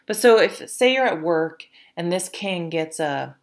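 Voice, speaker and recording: A woman's voice: fairly low pitch, animated, measured pace. A woman giving a casual tarot reading, chatty, with lots of fillers and restarts, and now and then laughing at her own stories. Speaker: tarot reader.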